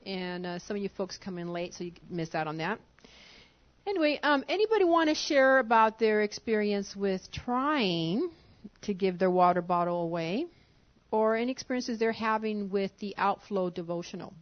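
A pastor's wife giving an informal sermon, coaxing and chatty with frequent chuckles. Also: female voice, mid-range voice, expressive, moderate pace. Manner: conversational, coaxing, often chuckling. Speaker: pastor's wife leading a church service. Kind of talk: informal sermon talk to a congregation. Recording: dull lo-fi church recording.

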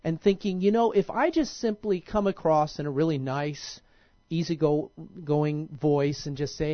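Speaking unhurriedly in a fairly high voice, a man pastors a church sermon in a relaxed, chatty style, often breaking off and restarting sentences. There's no echo, and the sound is dull and lo-fi.

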